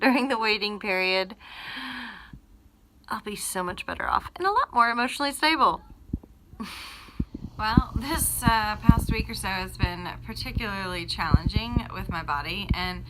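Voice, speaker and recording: A woman with children chatting casually to camera in a vlog, telling a story with lively acted-out quotes. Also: sits high, background noise. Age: adult with children. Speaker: vlogger.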